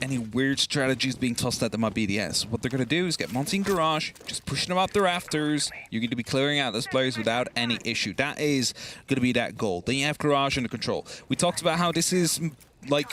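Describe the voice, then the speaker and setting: A young man casting an esports match, chatty and energetic, laughing easily. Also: mid-range voice, a little hiss or hum. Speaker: esports caster. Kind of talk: esports commentary.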